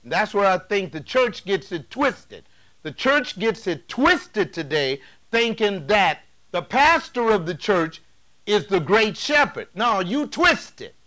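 Male pastor, sermon, emphatic preaching, high voice, forceful tone. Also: big pitch swings, takes it slowly. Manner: emphatic preaching, rising to loud declarations. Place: church sanctuary.

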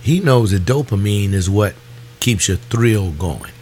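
A man preaching a fervent webcast sermon, pleading with his listeners and rising in pitch on his emotional appeals. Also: lively intonation, a little slow, a little mellow, slight background noise.

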